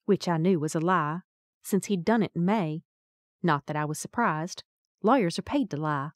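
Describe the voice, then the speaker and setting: Dry, low-voiced woman narrating. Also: normal speed, dry recording. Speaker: audiobook narrator. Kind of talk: first-person audiobook narration.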